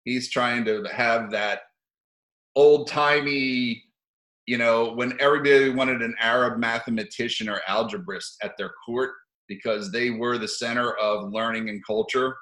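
A man's voice: medium pitch, fairly even intonation, measured pace, fairly bright tone, roomy sound, poor audio. A man giving rambling, profane opinion commentary for his video channel, sardonic and given to chuckling asides.

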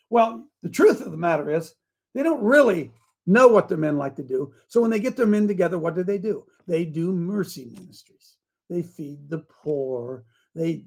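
A man hosting a talk show, delivering a fiery preachy monologue that swings from quiet asides to shouting. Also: high-pitched, animated, brisk. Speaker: radio show host.

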